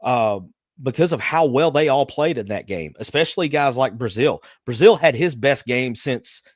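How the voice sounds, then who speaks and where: A man co-hosting a sports talk show, calmly laying out seedings and game details. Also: mid-range voice, normal speed, no room sound, studio quality. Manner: steady, explains stats and seeding. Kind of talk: sports analysis chat.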